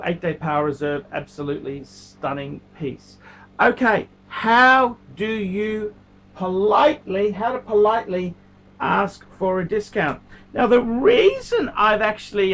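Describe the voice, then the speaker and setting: A man, a watch collector, ranting casually to camera with heated, profane language. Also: on the high side.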